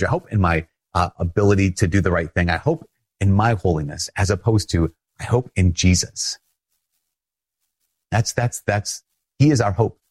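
A man with a Minnesotan accent giving an earnest, conversational sermon as a Catholic priest, often repeating phrases and laughing softly. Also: on the low side, slightly rough.

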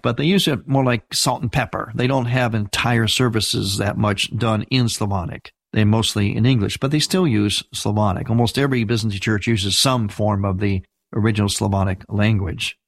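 An older Byzantine Catholic priest gives an informal church history lecture in a husky, conversational, explanatory manner, occasionally turning to address his listeners. His voice is lowish, his speed normal, and the recording is dry.

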